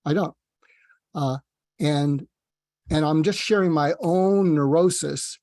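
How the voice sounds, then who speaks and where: A man's voice: a little high, slow pace, dark tone, no room sound, clean studio sound. A man speaking as a psychiatrist guest on an interview, rambling and self-deprecating, telling stories with asides. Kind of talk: casual interview talk.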